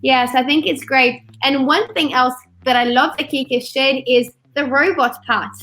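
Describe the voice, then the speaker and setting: Chatty webinar host, woman, high voice, acts out quotes, video call mic. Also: fairly even intonation, a little slow, sharp tone. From not from Australia; studied there. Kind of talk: casual webinar talk.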